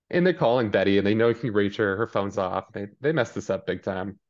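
A man with a slightly low voice chats through a TV episode for a podcast, jumping into character bits as he goes. The recording sounds dull and lo-fi. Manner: animated, acts out characters in quick asides. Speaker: podcast co-host. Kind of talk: casual recap chat.

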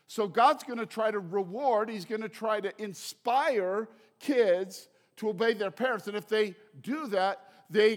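A man's voice: sits high, fairly bright tone. A middle-aged man preaching a sermon as pastor, in a conversational, joking way with repeated phrases. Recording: long hall reverb.

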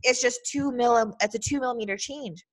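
A woman's voice: a little high, brisk. A woman hosting a podcast, telling a personal story in a heartfelt, emotional way and saying "like" constantly. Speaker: podcast host.

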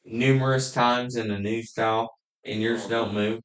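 A man co-hosting a casual podcast chat, loud, excitable and full of swearing. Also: medium pitch, a little slow. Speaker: podcast co-host. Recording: roomy echo.

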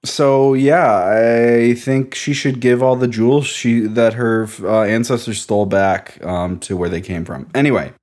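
A man co-hosting a casual beer review podcast, meandering through his opinions with wry, deadpan jokes. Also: medium pitch, unhurried, few pauses. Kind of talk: casual chat.

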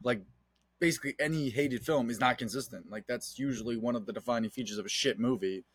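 Fast-talking excitable man, dry sound. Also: mid-range voice, slightly rough, no room sound. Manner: rapid, profane, excitable, acts out quotes. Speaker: podcast co-host. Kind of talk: casual film podcast chat.

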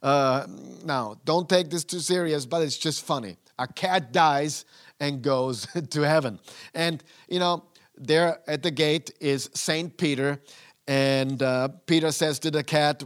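A man's voice: a little high, slow, clear, resonant tone. Earnest man preaching a sermon. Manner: earnest, emphatic, conversational.

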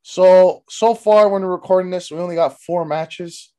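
A young man with a notably high voice hosts a casual comedy podcast. He riffs loudly, swears constantly and keeps the banter going. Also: fairly even intonation, normal speed. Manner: loud, profane, joking banter. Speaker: podcast host.

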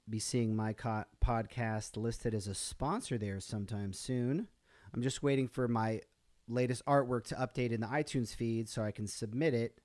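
Rambling through his own live-streamed podcast, the man uses a lowish, darkish voice captured cleanly in studio quality with no room sound. His delivery is chatty and casual, with frequent fillers and restarts that break up his sentences.

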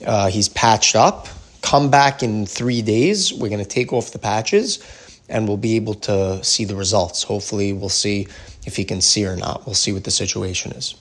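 A man voicing a calm, kindly eye surgeon. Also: fairly low pitch, normal speed. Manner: steady, reassuring.

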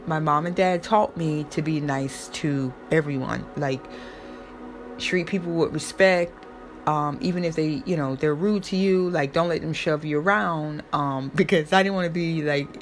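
A young woman talking casually and emotionally, rambling with many fillers and restarts. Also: deep voice. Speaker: host. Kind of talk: casual personal talk.

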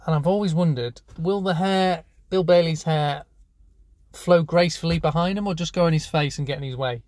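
A man hosting a comedy show in a rambling, deadpan monologue full of restarts. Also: fairly high pitch, normal speed, no room sound, clean studio sound.

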